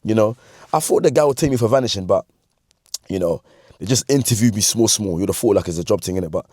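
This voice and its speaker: Young man, 20s, London accent, comic storytime vlogger; low husky voice, lively swings, slangy delivery. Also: fast talker, no echo, clean studio sound. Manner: animated, slangy, laughs between lines. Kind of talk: comedic storytime.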